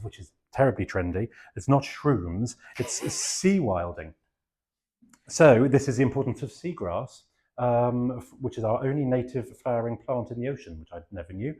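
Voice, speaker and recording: A middle-aged garden designer from England, with a southeast English accent and a lowish, warm voice, gives a chatty public talk. He rambles and is self-deprecating, using lots of fillers.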